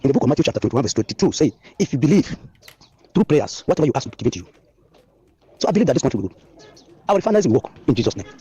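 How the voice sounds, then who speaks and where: Husky, fast Nigerian man, earnest advice. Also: medium pitch, sing-song, dark tone. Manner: earnest, advising, scripture-quoting. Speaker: radio caller. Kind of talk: preachy call-in.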